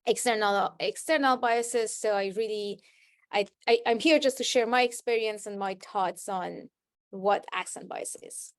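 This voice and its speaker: A woman who speaks English with an accent, a panelist speaking in a measured, reflective way on a video call. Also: medium pitch, dry recording, clean studio sound. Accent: non-native English. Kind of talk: online panel discussion.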